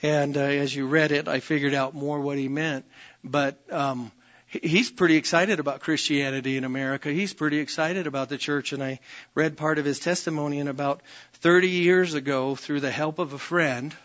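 A man's voice: a little high, fairly even intonation, moderate pace, fairly bright tone, lo-fi sound. A man preaching a sermon as pastor, emphatic and repetitive, often calling out "Amen?" to his congregation. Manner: emphatic, repeats phrases, calls out "Amen?" to the congregation.

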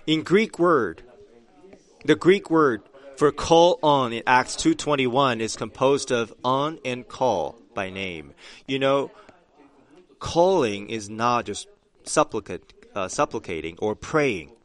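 Slow, emphatic male preacher. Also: mid-range voice, expressive. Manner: slow, emphatic preaching that swells to loud cries. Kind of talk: sermon.

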